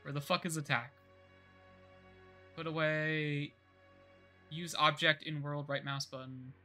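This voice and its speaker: A man's voice: a little high, little pitch movement, slow, pushed and bright, soft background music. A young man streaming a game live, rambling casually to himself and swearing when things go wrong. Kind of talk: casual live gameplay commentary.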